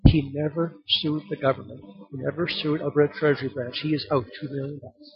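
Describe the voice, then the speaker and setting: A man preaching a sermon, telling a story and then calling loudly on the congregation to open their Bibles. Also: fairly high pitch, steady tone, fairly quick, creaky, few pauses, dull audio. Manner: storytelling, building to loud exhortation. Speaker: pastor.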